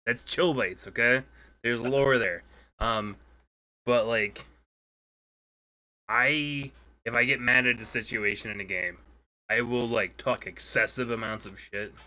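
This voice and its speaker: Chill podcast host guy, talks slow, bright tone. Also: mid-range voice. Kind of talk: casual interview.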